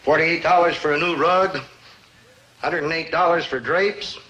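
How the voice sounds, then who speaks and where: A man's voice: on the high side, fairly even intonation, measured pace, bright, forceful tone, muffled recording, slight background noise. A middle-aged actor playing a sardonic, grumbling penny-pinching father in a 1950s sitcom.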